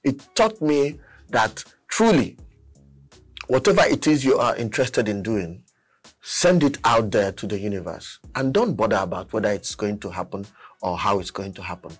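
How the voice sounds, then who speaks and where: A man, a painter telling a story as a guest, animated and laughing often. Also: lowish voice, normal speed, slightly rough, faint music behind. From Nigeria. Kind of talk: storytelling in a chat.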